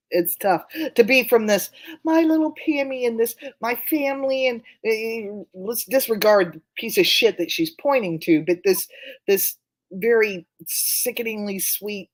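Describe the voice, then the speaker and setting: Candid, wry middle-aged guest. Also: female voice, fairly high pitch, unhurried. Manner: candid, wry storyteller who swears. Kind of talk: casual chat.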